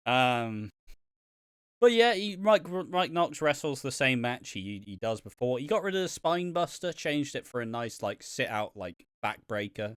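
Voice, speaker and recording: A man talks wrestling in loose podcast banter, cursing and laughing as he goes. His voice is bright and forceful. The sound is dry and close. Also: a little high, big pitch swings, unhurried, smooth, dry recording. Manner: swears freely, laughs often, slips into jokey voices. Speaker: podcast co-host. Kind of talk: casual wrestling review chat.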